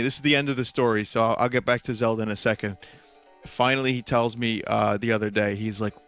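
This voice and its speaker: A man's voice: mid-range voice, sharp tone. A male streamer telling a long, rambling story while playing, full of fillers and laughs. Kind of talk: casual storytelling while gaming. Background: faint game music.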